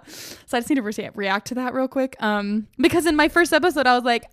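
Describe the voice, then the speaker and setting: A young woman hosting a casual solo podcast, excitable and self-mocking, laughing often as she reacts. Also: sits high, fast talker, dry recording, studio quality. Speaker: podcast host.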